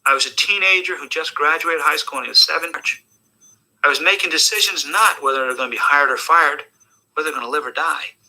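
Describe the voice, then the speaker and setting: An older man from the United States, answering interview questions as an animated, joking storyteller who drops now and then to a hushed tone. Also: fairly high pitch, a little fast, rough recording. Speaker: interview guest. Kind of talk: conversational storytelling.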